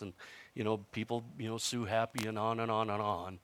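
A man's voice: on the low side, fairly even intonation, normal speed, pauses often, fairly bright tone. A man in his fifties preaching a sermon in a conversational storytelling way, with self-mocking humor and frequent restarts. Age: 50s. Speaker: pastor.

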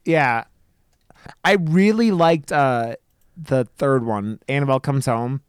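A man's voice: medium pitch, slow, clear, resonant tone, no echo, clean studio sound. A man co-hosting a podcast, chatting casually about horror films, swearing and acting out his reactions to scenes. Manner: animated, profane, acts out reactions in a raised voice. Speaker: podcast co-host.

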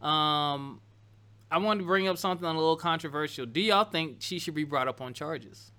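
A man talks through the news with friends in a relaxed, chatty way, pausing and correcting himself as he goes. His voice is bright and crisp, and sits a little higher than most men's. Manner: conversational, wanders, laughs at himself. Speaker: podcast host. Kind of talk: casual news chat.

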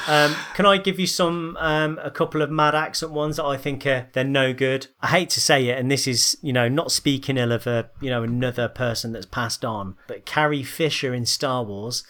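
A man's voice: medium pitch, a bit bright. A man hosting a podcast, chatting casually and telling trivia. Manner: storytelling, hesitant fillers. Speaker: podcast host. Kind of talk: casual chat.

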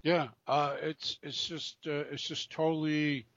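A man co-hosting a podcast, talking about old films in a halting way, often repeating words and restarting sentences. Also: on the high side, little pitch movement, a bit bright, no room sound. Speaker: podcast co-host. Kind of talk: casual chat. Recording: dull lo-fi podcast audio.

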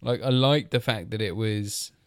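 Smooth-voiced, enthusiastic podcast co-host man. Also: on the low side, normal speed, dry recording, clean studio sound. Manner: enthusiastic, defends the film. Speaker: film review podcast co-host. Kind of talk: casual chat.

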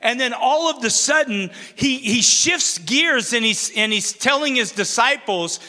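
A man's voice: very high-pitched, lively intonation, a little slow, hardly any pauses, sharp tone. A middle-aged man preaching a sermon in a church, conversational and self-deprecating, with jokes between points. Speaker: pastor. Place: church sanctuary. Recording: long reverb of a large hall.

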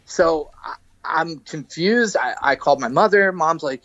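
A man guest on a podcast, telling a painful family story in halting, emotional speech full of restarts. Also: on the high side, expressive, a bit bright, dry recording, muffled recording. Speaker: guest, musician. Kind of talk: candid podcast interview. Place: podcast studio.

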